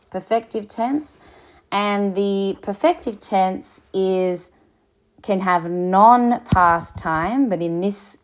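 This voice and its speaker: Woman, teacher, slow delivery, explanatory, fillers and restarts. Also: medium pitch, slight background noise. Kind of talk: recorded lecture.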